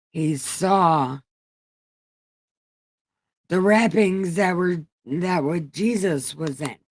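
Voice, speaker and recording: A woman hosting an online show, reading scripture aloud with irreverent comic asides and casual swearing. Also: on the low side. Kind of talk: comedic Bible reading.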